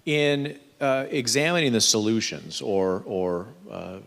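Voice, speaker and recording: A male interviewer on stage, asking halting questions and searching for words. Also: on the low side, expressive, gravelly, a bit bright. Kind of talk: asking questions at a live book fair talk. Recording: long hall reverb.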